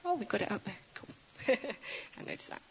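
A woman's voice: mid-range voice, fairly quick, creaky, breathy edge. Woman preaching in a reverberant hall. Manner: chatty, self-deprecating asides, animated storytelling. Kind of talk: informal sermon with Bible reading. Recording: reverberant, dull lo-fi sound.

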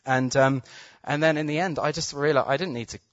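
A man preaching, telling a healing story with excited laughter, then praying with urgent declarations over the crowd. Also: on the high side, fairly quick, dry recording. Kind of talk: testimony storytelling and healing prayer. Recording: dull, slightly muffled sound.

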